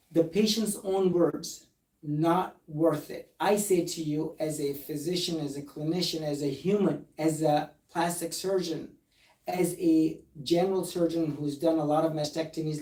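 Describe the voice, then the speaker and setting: A man's voice: on the high side, warm tone. Earnest male surgeon, distant roomy sound. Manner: earnest, emphatic, reads documents aloud. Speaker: plastic surgeon. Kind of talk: recorded live patient discussion.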